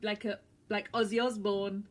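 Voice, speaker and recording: A woman's voice: mid-range voice, level tone, moderate pace. A woman with a British accent co-hosting a radio show, teasing and playful in casual chat. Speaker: radio co-host.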